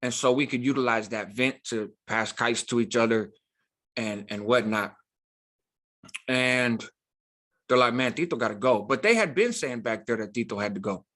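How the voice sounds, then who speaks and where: A man's voice: medium pitch, lively intonation, moderate pace, long pauses, fairly bright tone. A man telling a prison story in an emphatic, casual way, using street slang and frequent "right?" asides.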